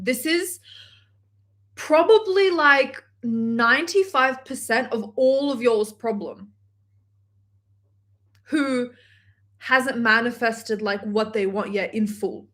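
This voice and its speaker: Gushing woman coach reading live chat. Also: a little high. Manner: animated, gushing, swears casually. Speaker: manifestation coach. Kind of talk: live stream, reading chat comments aloud. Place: her home workspace.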